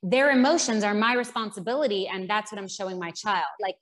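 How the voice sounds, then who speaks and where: A woman speaks as a guest on a podcast, laying out her thinking in a steady, earnest way. Her voice sits at an ordinary middle pitch, and she moves from everyday examples to the points they illustrate. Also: a little fast, hardly any pauses. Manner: earnest, explains with examples and quotes. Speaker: parenting coach, guest. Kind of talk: explanatory podcast conversation.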